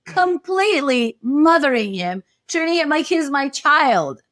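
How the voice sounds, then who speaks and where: A woman co-hosting a relationship podcast, telling a personal story in an animated, emotional way. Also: high voice, measured pace. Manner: animated and emotional, acting out her past self. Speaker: relationship coach and podcast co-host.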